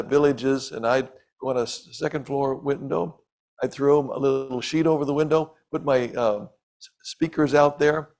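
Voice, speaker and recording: Older male preacher, gravelly voice, relaxed storytelling sermon full of ums and asides. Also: medium pitch. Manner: conversational, with frequent ums and asides. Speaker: preacher and missionary.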